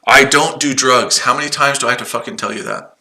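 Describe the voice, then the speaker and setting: A man's voice: mid-range voice, fast talker, pushed and bright, low-quality recording. Sarcastic, combative male trading streamer. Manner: combative, sarcastic, swears, mocks the chat. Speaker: day-trading livestream host. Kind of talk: live-stream chat answering viewers. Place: his shed.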